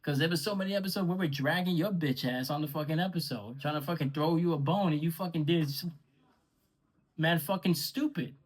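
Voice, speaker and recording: A man's voice: a little high, a little fast, poor audio. A man speaking straight to his audience in a heated, profane and sarcastic rant aimed at a rival podcaster. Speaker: podcaster and vlogger. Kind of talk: angry direct-to-camera rant.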